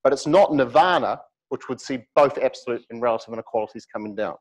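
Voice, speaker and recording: A middle-aged man giving a university lecture, lively and animated with humorous asides. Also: medium pitch, quick pace, low-quality recording. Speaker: academic lecturer.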